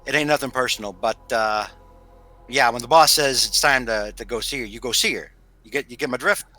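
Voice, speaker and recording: A man voicing a burly male mob enforcer in a tabletop game, with gruff, menacing street talk. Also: medium pitch, brisk, pushed and bright, lightly acted.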